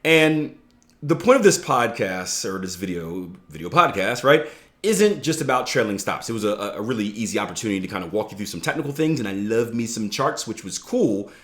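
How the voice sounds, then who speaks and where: A man hosting a trading podcast, explaining ideas in a relaxed, conversational way with playful asides and frequent "right?" checks to the listener. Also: fairly low pitch, brisk. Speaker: trading coach and podcast host. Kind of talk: casual instructional podcast talk.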